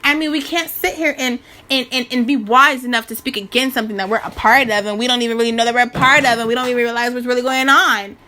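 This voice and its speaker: A woman in her twenties giving a casual, slangy spiritual rant to her viewers, animated and preachy with many restarts. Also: fairly high pitch, quick pace, hardly any pauses, slight background noise. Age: 20s. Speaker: spiritual vlogger.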